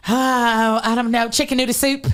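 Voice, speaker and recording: A woman's voice: fairly high pitch, little pitch movement, normal speed, fairly bright tone. A woman co-hosting a comedy podcast, teasing and laughing in casual chat. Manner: teasing, laughing, repeats "bless your heart". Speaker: podcast co-host.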